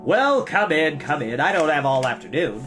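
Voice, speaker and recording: A man voicing a pompous, loud adult male vice principal who mocks children, in a storybook reading. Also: animated, measured pace, music in the background. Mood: impatient. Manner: booming, mocking.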